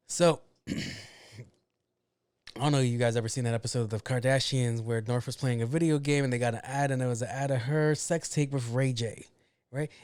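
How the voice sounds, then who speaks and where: A man's voice: mid-range voice, moderate pace, a little mellow, dry recording. A man hosting a casual solo podcast, ranting bluntly with a lot of swearing and grumbling to himself about his own mistakes. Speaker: podcast host.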